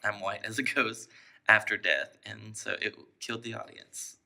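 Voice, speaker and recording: Picture a young man with a drawl, chatting loosely on a podcast. His voice sits low and has a gravelly fry, yet the tone comes out very bright. He keeps poking fun at himself. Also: fairly even intonation, moderate pace. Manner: joking, self-mocking, laughs often. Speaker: podcast host. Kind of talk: casual chat.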